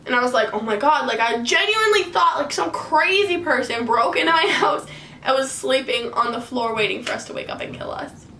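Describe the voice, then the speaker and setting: Brief: high-voiced young woman, casual storytime vlogger, bright edge, recorded from across an echoey room. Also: a little fast, slight background noise. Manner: animated, frequent "like" fillers. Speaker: vlogger telling a personal story. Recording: echoey room, distant mic, faint ambience.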